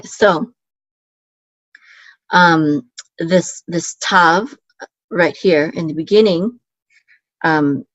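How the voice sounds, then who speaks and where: Patient woman teaching, low dry voice. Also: no echo, highs cut off. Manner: patient, many "okay?" checks and filler ums. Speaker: Hebrew teacher. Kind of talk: explaining grammar step by step.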